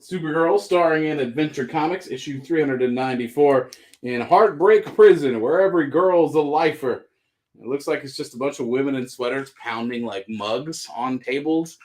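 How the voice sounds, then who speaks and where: A man's voice: mid-range voice, moderate pace. A man with a Southern American accent, hosting a live sale and chatting casually, joking as he reads out items. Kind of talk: casual live sales chat.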